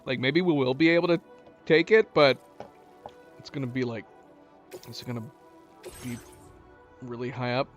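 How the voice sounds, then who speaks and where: A man's voice: medium pitch, moderate pace, pauses often, faint music behind. A man hosting a let's-play, casually thinking aloud and joking at the game characters. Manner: thinking aloud, chatty and wry. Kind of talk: casual gameplay commentary.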